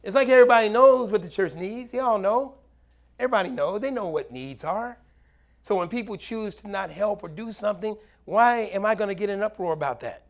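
High-pitched guy preaching, middle-aged pastor, gets loud then drops way down low. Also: a little fast. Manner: animated preaching, swinging between loud highs and low murmurs. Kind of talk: sermon.

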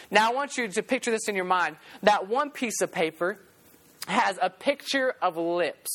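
A woman preaching a sermon to a youth group in a church, telling stories in an animated way and acting out quotes. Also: mid-range voice.

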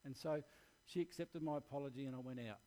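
A man's voice: mid-range voice, fast talker, dark tone. An Australian man preaching a sermon, telling a candid personal story in an earnest, plain-spoken way.

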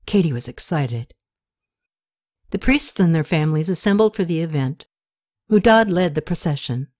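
Reading an audiobook script, a woman with a fairly low-pitched voice narrates in a measured, steady storytelling manner.

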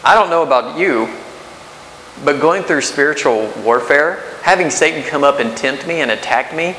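Preaching pastor in an echoey hall. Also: male voice, a little high, expressive, normal speed, bright, forceful tone. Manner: conversational preaching with rhetorical questions and restarts. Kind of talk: sermon. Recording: echoey hall with faint hiss.

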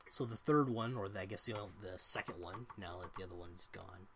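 A man narrating as game master of a tabletop game, relaxed, with many fillers. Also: sits low, a little fast, slight background noise.

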